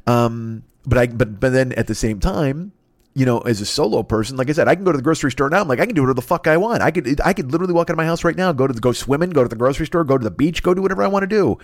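A man's voice: mid-range voice, expressive, rapid-fire. A man in his fifties telling a rambling, profane comedic monologue, jumping into silly voices for the people in his story. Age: 50s.

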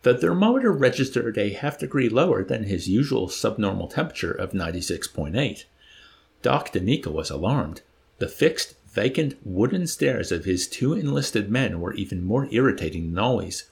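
A man reading a novel aloud expressively, pausing now and then to comment. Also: on the low side, very animated, creaky. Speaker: reader.

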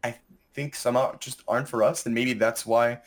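A man's voice: mid-range voice, steady tone, fairly quick. A man in his thirties on a casual podcast chat, rambling, sarcastic and swearing freely. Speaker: podcast co-host.

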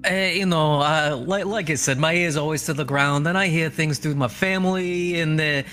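A man's voice: fairly high pitch, moderate pace, a bit bright, clean tone, soft background music. A man playing a tabletop game, talking loosely in character with lots of fillers and hesitations. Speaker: player. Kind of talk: casual in-character game talk.

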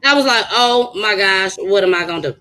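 A woman co-hosting a podcast, telling stories in a loud, animated way, swearing freely and laughing often. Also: medium pitch, brisk, poor audio. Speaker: podcast co-host. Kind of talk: casual chat and storytelling.

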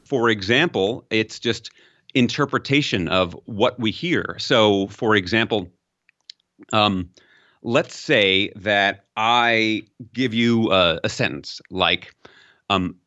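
A man's voice: expressive, slow pace, sharp tone, dull audio. A man being interviewed as a communication expert, explaining with examples and lifting his voice for emphasis. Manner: explanatory, uses examples, rises in pitch for emphasis. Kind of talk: interview conversation.

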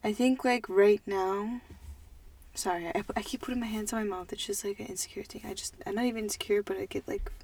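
A woman's voice: medium pitch, fairly even intonation, fairly quick, husky. Twenties woman, casual podcast co-host, thinks aloud, plenty of "like". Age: 20s. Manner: chatty, lots of "like", thinks out loud.

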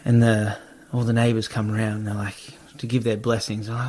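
A young man telling a story in a relaxed, swear-heavy podcast chat, full of fillers. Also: fairly low pitch, brisk. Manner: laid-back, swears freely, lots of fillers.

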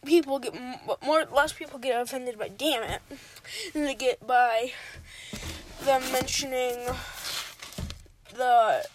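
A woman's voice: sits high, slow, noisy background. A woman chatting on a casual podcast, eagerly rambling about a book she loves, with lots of "like" and restarts. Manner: rambling, full of fillers and restarts, enthusiastic.

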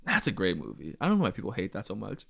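A young man in a casual chat about movies, telling stories with lots of fillers and sudden excited jumps in pitch. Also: quick pace, vocal fry, slightly rough. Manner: chatty storyteller, many fillers, jumps up in pitch when excited.

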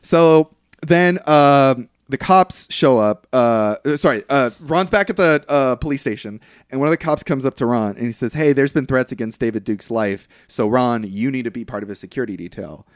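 At a moderate pace and medium pitch, the man loosely rambles through a film recap on a podcast, full of fillers and occasional profanity. The studio sound is clean, with no room sound.

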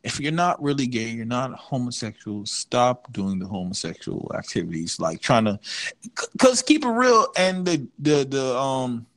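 Male podcast co-host, AAVE, animated, wide pitch swings, rants loud then drops low. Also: normal speed. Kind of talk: casual podcast banter.

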